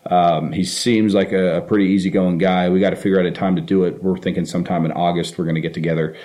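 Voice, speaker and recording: Deep, mellow-voiced comedian host. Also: male voice, steady tone, fast talker. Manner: rambling, sarcastic, lots of fillers. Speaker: podcast host. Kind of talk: comedic storytelling monologue.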